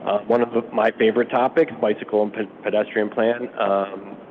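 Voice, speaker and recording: Brief: man, raspy from allergies, municipal staff presenter, casual and filler-heavy; narrow phone-band sound. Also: steady tone, a little fast. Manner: informal, many fillers. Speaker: public works official presenting to city council. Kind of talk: briefing at a council retreat. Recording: phone-like, muffled sound with faint rumble.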